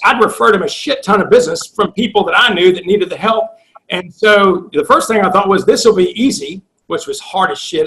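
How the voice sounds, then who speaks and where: Middle-aged man with a high voice, a blunt and profane sales coach telling a story. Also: bright, forceful tone, low-quality recording. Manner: blunt and profane, acts out quoted dialogue. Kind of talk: storytelling interview guest.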